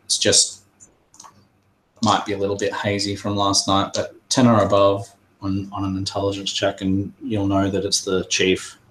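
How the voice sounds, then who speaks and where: A man narrating as game master in a tabletop game, pausing often with fillers. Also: low-pitched, monotone, fairly bright tone, slight background noise, low-quality recording. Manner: hesitant, many pauses and fillers.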